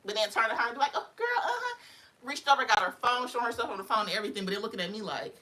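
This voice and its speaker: A woman's voice: medium pitch, rapid-fire, sharp tone. A young woman, casually telling a story on a livestream, laughing often and acting out other people's voices.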